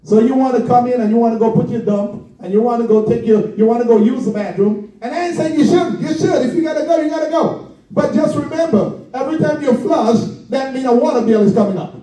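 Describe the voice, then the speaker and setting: A man's voice: very high-pitched, warm tone. A man preaching a sermon as pastor, speaking straight to his congregation and drawing out his words for emphasis. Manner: preaching with drawn-out emphasis and direct address. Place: church hall. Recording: echoey hall from far off.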